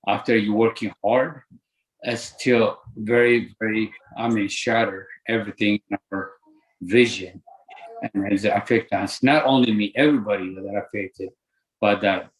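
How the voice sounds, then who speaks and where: An older man from Ethiopia, a boxing coach, answering interview questions earnestly and repeating words for emphasis. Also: fairly low pitch. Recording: roomy echo.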